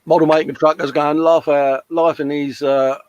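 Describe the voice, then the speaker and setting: A man's voice: a little high, little pitch movement, moderate pace, a little mellow, no room sound, lo-fi sound. A man hosting a live modelling stream, chatting casually and bantering with viewers' comments. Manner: chatty, matey, jokey banter. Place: hobby workshop at a bench.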